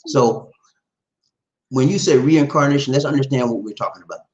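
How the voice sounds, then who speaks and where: A man's voice: mid-range voice, normal speed, a little mellow, muffled recording, a little hiss or hum. A middle-aged man hosting a casual livestream, greeting viewers by name and laughing often. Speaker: livestream host reading chat.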